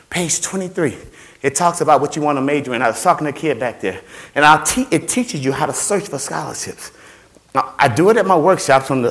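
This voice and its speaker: A man giving an animated motivational talk to students about finding scholarships, playful and repetitive, acting out voices and sounds. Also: a little high. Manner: playful, repeats phrases, acts out voices and sounds. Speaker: scholarship workshop speaker.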